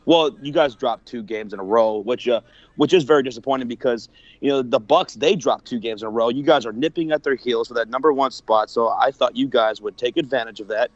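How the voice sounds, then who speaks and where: A friendly man calls into a sports stream and walks through the game in a relaxed way. His line sounds dull and dry, without room sound. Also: medium pitch, fairly quick, no room sound. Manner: friendly, relaxed, says man and brother a lot. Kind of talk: casual sports analysis.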